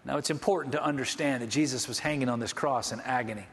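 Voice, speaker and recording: A man's voice: mid-range voice, fast, a bit bright, long reverb tail. A man preaching a sermon as pastor, impassioned, often restarting his phrases.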